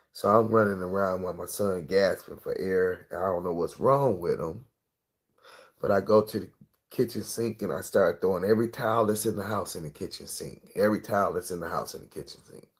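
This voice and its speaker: Deep husky man telling a wild story. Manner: animated, profane storytelling with acted-out quotes. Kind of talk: casual storytelling.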